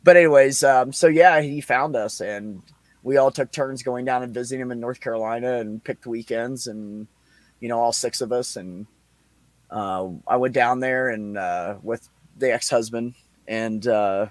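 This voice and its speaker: A middle-aged man telling a loose, rambling story in a casual chat. His pitch is ordinary for a man, and the recording is close and dry. He swears easily and chuckles between thoughts. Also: moderate pace, no room sound. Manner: rambling, profane, laughs between lines. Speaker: podcast host.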